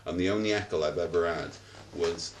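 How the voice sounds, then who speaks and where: Welsh man, camp comic guest, deep lively voice, roomy distant sound. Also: brisk. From Wales. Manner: camp, chatty, swears freely. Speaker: comedian guest. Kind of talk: casual chat. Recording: roomy, distant mic, faint noise.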